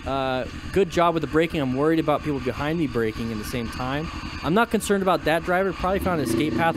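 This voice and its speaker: A man's voice: on the high side, background noise. A man and riding instructor giving casual, joking commentary over motorcycle videos and talking straight to his viewers.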